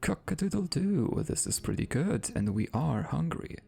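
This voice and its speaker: A brash old rooster crows and rhymes in a storybook tale, as a man puts him on. His voice shoots up high and a little louder, pushed hard, with a gravelly rasp beneath. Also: sing-song, normal speed, full character voice. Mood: crowing. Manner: crowing, rhyming storybook speech. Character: loud boastful old rooster, eager singer.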